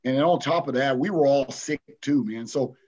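A man, a basketball coach, telling a story in an interview with lively, acted-out dialogue. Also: medium pitch, moderate pace, highs cut off. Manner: animated retelling, acts out players' voices, frequent "man".

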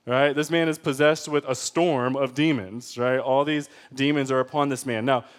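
A young man preaching a sermon, energetic, with joking asides and frequent check-ins with the congregation. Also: mid-range voice, normal speed. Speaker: pastor.

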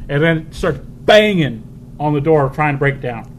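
Joke-telling podcast guy, slightly high. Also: lively intonation, faint music behind. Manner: drawn-out storytelling, acting out lines. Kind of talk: casual chat. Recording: background noise in a game store.

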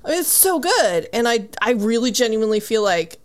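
A woman's voice: fairly high pitch, sing-song, fairly quick. A woman co-hosting a book podcast, chatting casually and eagerly retelling scenes from a book. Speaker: podcast co-host.

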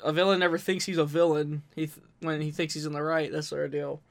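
A man's voice: a little high, little pitch movement, quick pace, gravelly. A man in casual chat, animatedly retelling scenes with frequent stumbling restarts. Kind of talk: casual chat about a comic book.

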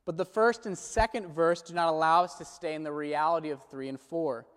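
A man preaching a sermon in a measured, earnest way, slowing down when he quotes prayers and scripture. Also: on the high side, steady tone, clean tone. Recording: long hall reverb.

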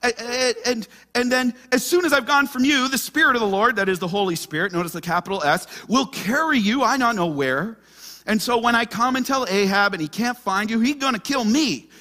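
A male pastor delivers an animated sermon, at times acting out the worried voices of the people in the passage. His voice sits high and bright, and the long tail of hall reverb follows every line. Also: fairly quick. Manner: animated, acts out frightened voices of scripture figures.

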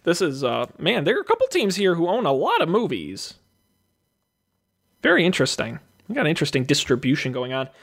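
A man's voice: fairly high pitch, wildly swooping pitch, fairly quick, vocal fry, a bit bright. A man hosting a casual show, reading out movie blurbs and calling bids like a jokey auctioneer. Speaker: host running a movie draft auction. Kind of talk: casual podcast chat.

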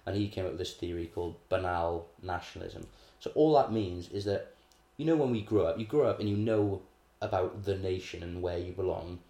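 Co-hosting a casual chat, this man explains political theory in a chatty, lecturing manner and laughs at his own asides. His voice is low and dark-toned, moving a little fast with hardly any pauses, and the room sounds echoey.

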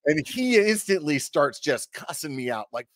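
A middle-aged man telling a story casually on a podcast, animated, with lots of filler words and cursing. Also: on the high side, moderate pace. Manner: animated, swearing, many "like" fillers. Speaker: podcast guest.

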